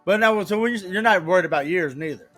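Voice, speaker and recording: A man's voice: high voice, fast talker, a bit bright, soft background music. A man co-hosting a podcast in casual chat, blunt and joking, swearing often. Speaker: podcast co-host.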